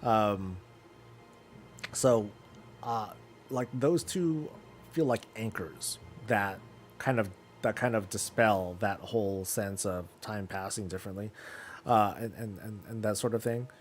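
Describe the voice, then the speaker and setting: A man's voice: fairly low pitch, slow pace, soft background music. A man streaming a casual chat about games, rambling with many fillers and restarts.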